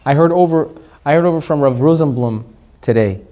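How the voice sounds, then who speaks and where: A man, a rabbi, teaching a Torah class to a live audience, animated, asking the room questions and laughing often. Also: a little high, fairly quick.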